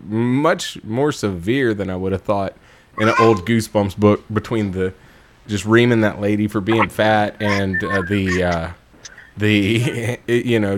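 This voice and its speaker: A man retelling a book in casual chat, animated and profane, laughing often. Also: lowish voice, slight background noise.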